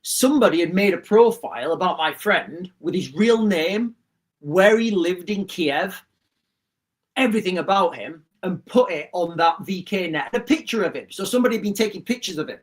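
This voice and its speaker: A man's voice: sits high, lively intonation, normal speed. A middle-aged man, hosting a livestream and telling a rambling story to his chat with many restarts. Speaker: livestream host. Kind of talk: casual storytelling to a live chat.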